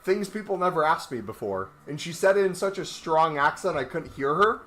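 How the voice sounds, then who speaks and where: A man's voice: fairly high pitch, expressive, brisk, pushed and bright. Rambling, joking male gaming streamer. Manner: talking while walking on a walking pad. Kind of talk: casual livestream chat while playing.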